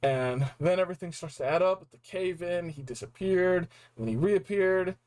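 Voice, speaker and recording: A young man reviewing a video game in a casual, excited recap, full of slang and acted-out reactions. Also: high-pitched, moderate pace, poor audio. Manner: animated, slangy, acts out reactions.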